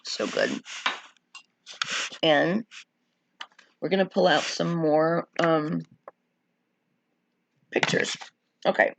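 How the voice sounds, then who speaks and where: Chatty woman with a gravelly voice. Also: deep voice, steady tone, slow, pauses often, a little hiss or hum. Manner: chatty, rambling, frequent likes and ums. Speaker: streamer sharing wrestling memories. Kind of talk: casual live-stream chat.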